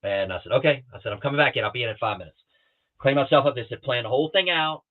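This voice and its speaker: A middle-aged man from the Southeastern United States speaks over a thin, boxy call line that sounds like a telephone. He is a guest pilot recounting his flying days in a podcast interview at a medium pitch. He tells it animatedly and slips into the voices of the people in his stories. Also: rapid-fire. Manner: lively storyteller who acts out other people's lines. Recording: thin phone-like remote call audio.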